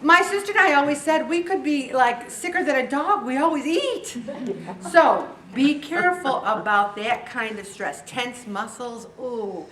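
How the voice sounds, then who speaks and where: A woman's voice: sits high, measured pace, a bit bright, far from the mic. A woman leading a support group, chatty and joking, who acts out the voices of the people she quotes. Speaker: weight loss group leader. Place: meeting room with a group. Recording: echoey room, voice picked up from afar.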